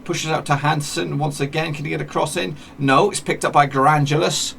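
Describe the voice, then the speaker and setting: A man's voice: on the high side, fairly even intonation, normal speed, vocal fry, fairly bright tone, a little hiss or hum. A man chatting casually as he plays a football management game, narrating the matches like a commentator and often correcting himself as he talks. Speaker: gaming YouTuber.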